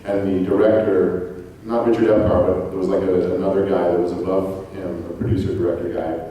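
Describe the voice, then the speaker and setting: A man, a voice actor on a convention panel, telling anecdotes in a relaxed way with chuckles. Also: low voice, fairly quick, distant mic, highs cut off, a little hiss or hum. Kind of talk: casual panel talk. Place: large convention hall. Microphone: far from the camera mic. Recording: echoey hall recorded from the audience.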